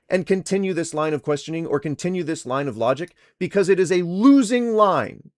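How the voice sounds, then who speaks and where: Fiery, swearing man streamer, lively pitch. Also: a little fast, hardly any pauses, no echo, clean studio sound. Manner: angry, profane, lecturing. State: losing his voice. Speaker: streamer debating chat. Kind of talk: heated livestream argument.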